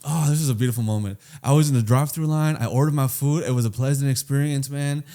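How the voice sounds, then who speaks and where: A man's voice: mid-range voice, fast. A man co-hosting a casual podcast chat, telling stories with lots of swearing and acting out other people's voices. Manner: animated storyteller, swears freely, acts out voices. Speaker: podcast co-host.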